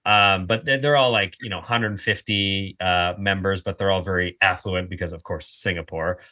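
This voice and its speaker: A man's voice: low voice, fairly even intonation, normal speed, bright, forceful tone, no echo, studio quality. A man hosting a podcast in casual chat, rambling and joking, often correcting himself mid-sentence. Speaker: podcast host.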